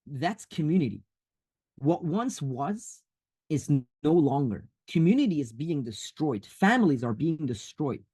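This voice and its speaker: A man's voice: on the high side, sing-song, a little slow, dark tone, breathy edge. A man speaking as a guest on a video call, urging listeners insistently and repeating his warnings. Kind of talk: urgent motivational talk.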